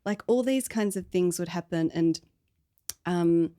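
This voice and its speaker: A woman's voice: fairly low pitch, measured pace, warm tone. A woman, the founder of a podcast, chatting casually about her story in a rambling way full of fillers. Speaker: podcast founder being interviewed.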